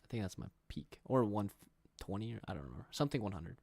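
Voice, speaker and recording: A man's voice: fairly low pitch, lively intonation, fast talker, creaky, a little mellow, no echo. A man in his twenties chatting casually on a livestream, reading viewer comments in a rambling, easygoing way and laughing at himself. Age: 20s. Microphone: desk microphone and headset.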